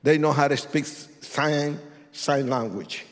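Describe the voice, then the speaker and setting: A man telling his testimony like a sermon, acting out voices and rising to shouts. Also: on the high side, measured pace. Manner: animated, acts out voices, swings to shouts. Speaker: testimony speaker. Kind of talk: preached testimony storytelling. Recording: long hall reverb.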